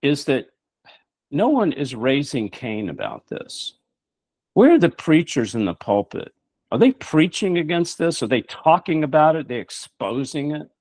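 A man's voice: fairly high pitch, very animated, moderate pace, darkish tone, no echo. A middle-aged man hosting a show, preaching emphatically with rhetorical questions. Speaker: show host. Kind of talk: preaching talk-show monologue.

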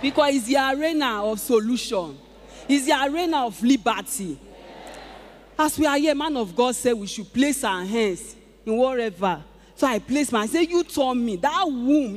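A Nigerian woman giving an animated testimony to a church congregation, exclaiming and acting out conversations. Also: on the high side, a little hiss or hum. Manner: animated, exclaiming, acts out dialogue. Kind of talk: emotional testimony before a congregation. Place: large church auditorium. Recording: echoey large auditorium.

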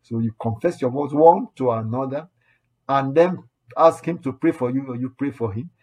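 A man's voice: mid-range voice, moderate pace, warm tone, slightly rough. A man preaching a sermon, earnest and exhorting, repeating his points and quoting scripture as he goes. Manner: earnest, repetitive exhortation with quoted asides.

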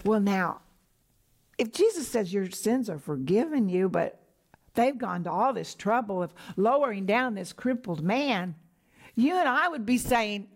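A middle-aged woman minister preaches slowly and emphatically, her medium-pitched voice swinging widely in pitch. For key points, she sometimes drops to a whisper.

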